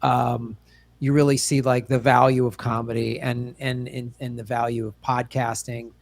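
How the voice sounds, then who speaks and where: A man's voice: mid-range voice, level tone, normal speed, vocal fry, no room sound. A man appearing as a comedy podcast guest who speaks earnestly and encouragingly, often repeating words as he thinks. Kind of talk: podcast interview chat.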